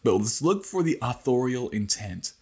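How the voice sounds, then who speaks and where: A man's voice: medium pitch, sing-song, a little mellow, breathy edge. Earnest man hosting a morning devotional. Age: middle-aged. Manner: earnest, speeds up and slows down, rises when acting out a cry. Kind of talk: casual devotional Bible teaching.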